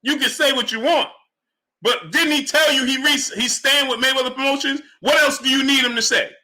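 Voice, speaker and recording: Male sports stream host, high bright voice, exasperated and rhetorical, mutters shout-outs to chat. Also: steady tone, fairly quick. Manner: exasperated, rhetorical, repeats himself; drops to low mutter greeting chatters. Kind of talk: live stream commentary, reading chat.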